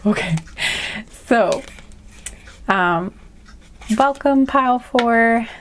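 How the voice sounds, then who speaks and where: Speaking extremely slowly in a slightly high voice, a woman gives a casual tarot reading over slight background noise. She tends to ramble and chat, apologizing a lot and laughing at herself.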